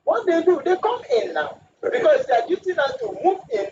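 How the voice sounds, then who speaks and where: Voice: very high voice, sing-song, normal speed. A speaker on a radio talk show, firm and lecturing. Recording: distant muffled radio studio with hiss.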